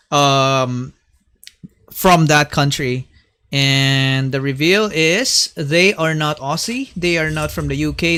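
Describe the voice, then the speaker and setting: A man's voice: fairly high pitch, bright, forceful tone. A man hosting a late-night reaction livestream, chatting casually and mixing in Tagalog words. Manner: chatty, mixes in Tagalog phrases.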